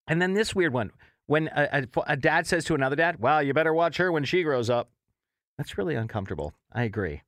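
Animated high-voiced male radio host. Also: brisk, no room sound, clean studio sound. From Canada. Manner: chatty, reacting with mock outrage. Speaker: radio morning show host. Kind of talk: casual radio chat.

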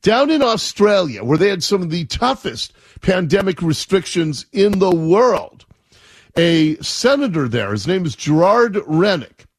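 Husky-voiced talk radio host. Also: male voice, high-pitched, sing-song, unhurried, dry recording. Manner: chatty, opinionated, admiring asides. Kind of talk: casual talk radio commentary.

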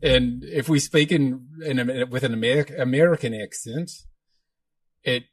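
A man's voice: on the low side, fairly quick, fairly bright tone. A man putting on a clumsy fake Australian accent during a casual chat, joking about mangling it. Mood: playful. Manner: self-mocking, admits mangling it.

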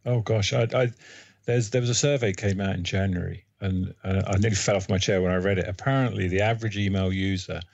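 Low, gravelly-voiced male email trainer. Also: steady tone, no room sound. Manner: measured, explanatory, with fillers. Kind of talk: interview answers. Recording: dull, lo-fi sound.

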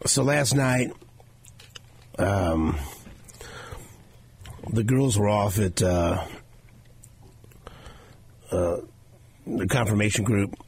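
A man with a very low voice hosts a sports talk show from a radio studio. He tells stories in a casual, animated way and jumps into the voices of the people he quotes. A faint hiss sits under the recording. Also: extremely slow, long pauses. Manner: animated storytelling, acts out quotes.

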